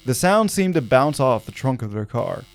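A man's voice: mid-range voice, sing-song, moderate pace, no room sound. Casual male podcast storyteller. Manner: casual, with fillers like "kinda, like". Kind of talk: conversational narration of a paranormal story.

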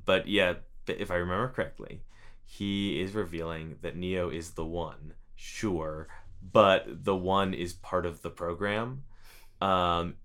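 A man's voice: low voice, fairly bright tone. A man co-hosting a casual movie podcast, rambling and often restarting his sentences. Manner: rambling, self-interrupting, laughs at himself. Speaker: podcast co-host.

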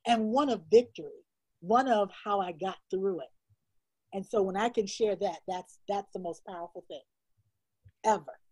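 Husky woman telling stories with emphasis. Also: mid-range voice, moderate pace, warm tone, poor audio. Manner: emphatic, repeats phrases for stress. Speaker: illustrator and storyteller, guest. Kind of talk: heartfelt interview talk.

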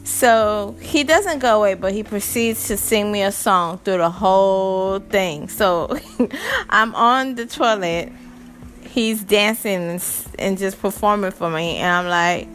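A woman's voice: medium pitch, slow, faint music behind. A young adult woman hosting her own podcast, telling exasperated stories about parenting with frequent laughter. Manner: animated, laughing, exasperated storytelling. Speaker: podcast host. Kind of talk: casual monologue.

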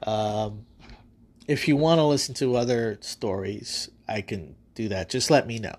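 A man's voice: lowish voice, measured pace, darkish tone. A man hosting a podcast, casually recapping his own stories in a loose, rambling way with frequent fillers and swearing. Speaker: podcast host. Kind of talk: casual storytelling monologue.

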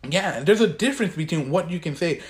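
A man's voice: fairly high pitch, animated, brisk, a little hiss or hum. A teenage boy co-hosting a podcast, chatting casually, swearing a lot and getting worked up as he rambles. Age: teens. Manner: profane, rambling, gets worked up. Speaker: podcast co-host. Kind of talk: casual chat.

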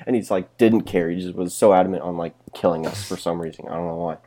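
A man's voice: low-pitched, steady tone, fast talker, mellow. A young man in casual podcast chat, rambling through a story with lots of swearing and laughter. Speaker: podcast co-host.

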